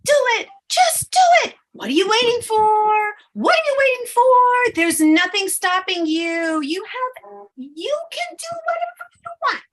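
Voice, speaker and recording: A woman's voice: very high voice, very animated, a little slow, a bit bright, pitched above the performer's own voice, full character voice, low-quality recording. A woman voicing a chorus of playful fairy guides, bubbly and pushy, cheering and repeating words over and over. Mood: gleeful urging. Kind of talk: channeled spirit message.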